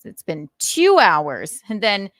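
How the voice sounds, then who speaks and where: A woman's voice: mid-range voice, wildly swooping pitch, takes it slowly, fairly bright tone, no room sound, clean studio sound. A woman hosting a casual livestream, talking sarcastically with frequent laughs and reading chat messages aloud. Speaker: livestream host.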